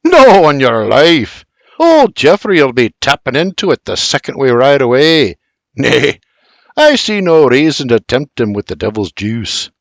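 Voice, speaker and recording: A crafty bootlegger full of swagger, as a man puts him on for an audiobook, rolling out a broad brogue. His voice sits a little above an ordinary man's speaking pitch and swoops lively over each sly boast. It sounds dry and close, with no room around it. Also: a little slow, dry recording. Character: crafty Scottish-tongued male bootlegger, boastful.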